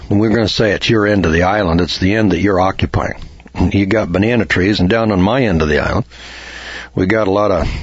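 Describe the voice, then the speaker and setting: A man's voice: fairly low pitch, husky, no echo. A man from the United States giving a folksy, argumentative lecture on law, acting out little dialogues as he goes. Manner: homespun, argumentative, acts out dialogue. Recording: dull dry lo-fi recording.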